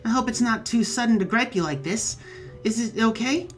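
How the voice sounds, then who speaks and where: A man's voice: extremely high pitch, moderate pace, faint music behind, voice pushed up. A man voicing a lonely, eager young male bee troll with a buzzy voice who apologizes and pities himself. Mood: nervous. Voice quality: buzzy accent. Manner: eager, apologetic, self-pitying.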